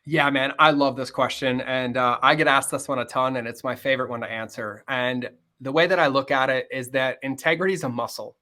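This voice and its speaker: Earnest man, bright voice, podcast guest. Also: medium pitch, steady tone. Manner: earnest, fast-flowing, acts out quoted dialogue. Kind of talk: candid interview conversation.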